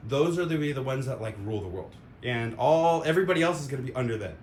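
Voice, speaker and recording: A man's voice: expressive, quick pace, darkish tone. A man giving a casual, rambling opinion monologue, full of fillers and sound effects. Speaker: vlogger. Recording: roomy echo with faint rumble.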